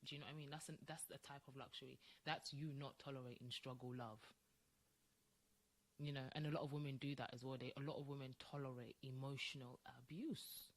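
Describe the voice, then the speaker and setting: A woman's voice: very deep voice, fairly quick. Emphatic woman co-hosting a podcast. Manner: emphatic, animated, acts out quoted voices. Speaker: podcast co-host. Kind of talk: casual podcast chat.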